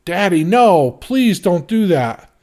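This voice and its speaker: A man's voice: mid-range voice, lively intonation, a little slow, darkish tone, natural voice. A man voicing a caring young woman who speaks in a coaxing, raised voice.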